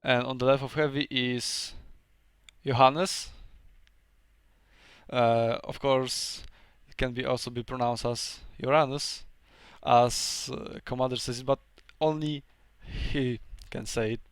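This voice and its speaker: Hesitant man with smooth, dry voice. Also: mid-range voice, fairly even intonation, unhurried, hardly any pauses, dry recording. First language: Polish. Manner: hesitant, thinking aloud with fillers. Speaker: game commentator. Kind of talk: casual gameplay commentary.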